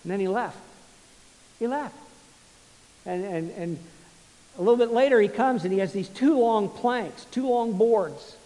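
A man preaching a sermon, retelling a story with many repeats and restarts, swinging between quiet and loud passages. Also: sits high, a little slow, long pauses, in a large hall, poor audio. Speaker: pastor.

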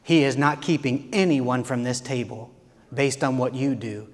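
A man preaching a sermon as a pastor, earnest, moving from quiet reflection to loud, impassioned appeals. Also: mid-range voice, moderate pace, in a large hall.

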